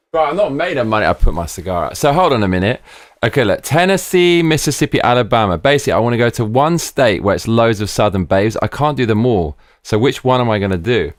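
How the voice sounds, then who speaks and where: A man hosting a casual live stream chat, thinking aloud and repeating "look" and "bruv" as he plans a trip. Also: on the low side. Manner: excitable, thinking aloud, repeats 'look' and 'bruv'. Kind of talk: casual chat while planning a trip with viewers.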